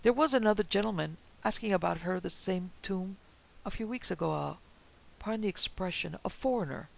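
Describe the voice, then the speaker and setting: A man voicing a gentle, white-haired elderly minister who speaks in a mild, measured, slightly apologetic way. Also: high-pitched, vocal fry, pitched above the performer's own voice, poor audio.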